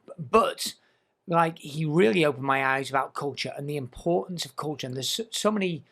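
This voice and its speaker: A man's voice: a little high, expressive, a little fast, fairly bright tone. A man hosting a podcast in a studio, talking casually and eagerly, with lots of restarts and "like"s. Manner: enthusiastic, restarts words often, says "like" a lot. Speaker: podcast host.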